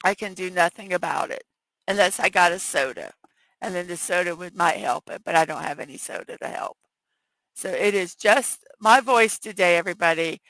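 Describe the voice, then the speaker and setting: A woman hosting a morning livestream in casual chat, her voice scratchy and hoarse, reading viewer messages aloud through a headphone mic. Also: lowish voice, normal speed, a bit bright, no echo. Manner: reads viewer chat aloud, chatty and apologetic. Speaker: morning show host.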